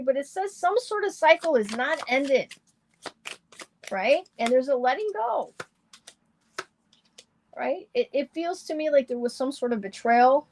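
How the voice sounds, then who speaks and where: A woman's voice: high-pitched, very animated, normal speed, slight background noise, low-quality recording. A woman giving a live tarot love reading in a chatty, emphatic way. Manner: chatty, emphatic, rising and falling a lot. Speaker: tarot reader.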